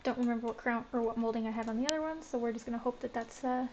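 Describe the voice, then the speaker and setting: She talks very fast in a highish voice, over a noisy background with the highs cut off. It's a woman streaming a building game, casually chatting to herself with plenty of "like" and a Valley Girl way of speaking she admits to herself.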